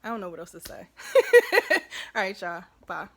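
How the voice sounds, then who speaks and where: A woman talking casually to camera as a vlogger, chatty and warm-hearted in her asides, often asking "you know what I'm saying". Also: lowish voice, fast.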